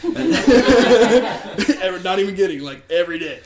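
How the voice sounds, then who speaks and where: A man telling a personal faith story to a church crowd, earnest and often laughing, going quiet when emotional. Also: high-pitched, big pitch swings, unhurried, reverberant. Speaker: church speaker. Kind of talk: personal testimony.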